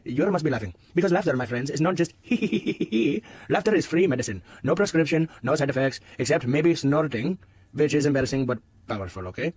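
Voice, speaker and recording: A man's voice: extremely high pitch, darkish tone, exaggerated voice. A man voicing an overly earnest, rambling male self-help guru who talks in broken grammar and swoops dramatically. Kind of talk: comedy sketch character monologue.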